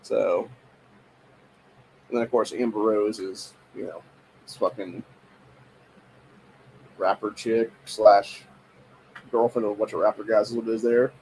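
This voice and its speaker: A man's voice: lowish voice, flat delivery, unhurried, long pauses, darkish tone, slight background noise, rough recording. A man hosting a podcast, giving rambling, profane political commentary in a dismissive, ranting tone, full of filler phrases. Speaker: podcast host.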